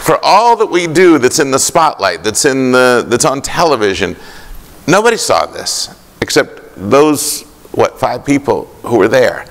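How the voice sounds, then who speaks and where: A man giving a keynote speech, telling a story with vivid detail and pauses. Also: mid-range voice, big pitch swings, some chatter behind, a little hiss or hum. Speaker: keynote speaker. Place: conference hall. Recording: long hall reverb.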